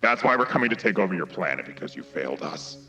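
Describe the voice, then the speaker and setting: A man voicing a gruff male robot leader who rants indignantly, through a radio-style filter. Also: low voice, very animated, quick pace, pushed and bright, distant mic, muffled recording, faint music behind, voice pushed down, heavily acted. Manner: blustering, indignant ranting. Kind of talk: comic live-stream impression.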